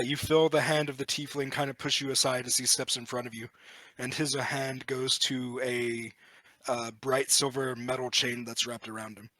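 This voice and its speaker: A man runs a tabletop game as its game master, narrating scenes with an easygoing flow and plenty of "uh"s. His voice is bright and forward, recorded close and dry with no room sound. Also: mid-range voice, no room sound. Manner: relaxed, with frequent "uh" fillers.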